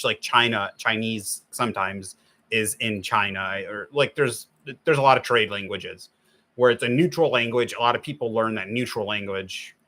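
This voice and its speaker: Bright-voiced man rambling casually. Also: lowish voice. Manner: rambling, thinks aloud with many restarts; complains, then gives step-by-step drawing tips. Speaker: livestream host. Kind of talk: casual chat while drawing.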